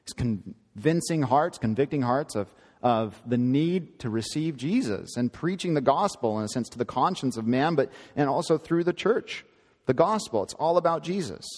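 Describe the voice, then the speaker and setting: A man's voice: mid-range voice, expressive, moderate pace, darkish tone, big-room sound. A man preaching a sermon in an earnest, emphatic teaching manner, often repeating and correcting himself.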